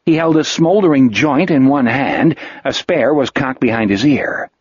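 A man narrating an audiobook in an expressive, vivid storytelling manner. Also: medium pitch, normal speed, breathy edge, no echo. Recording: dull lo-fi dry recording.

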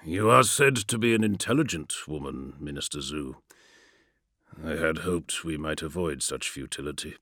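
A man's voice: no room sound, studio quality, heavily acted. A man voicing a towering male assassin in golden armour, speaking in a cold, resonant, emotionless way in an audiobook. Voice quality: very deep, resonant, flat. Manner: cold, measured, without emotion. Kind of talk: audiobook character voice.

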